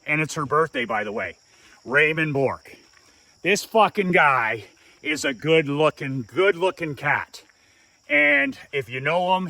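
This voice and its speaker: Emphatic man with a bright, forceful voice. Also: on the high side, no echo. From Canada. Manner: emphatic, repeats words for effect. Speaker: business coach telling a story. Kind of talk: casual storytelling.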